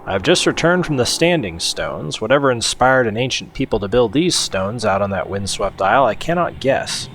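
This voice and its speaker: A man's voice: mid-range voice, very animated, moderate pace, few pauses, a bit bright, slight background noise. A man hosting a game playthrough, chatting and joking with mild swearing as he plays. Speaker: let's play host. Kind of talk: casual gameplay commentary.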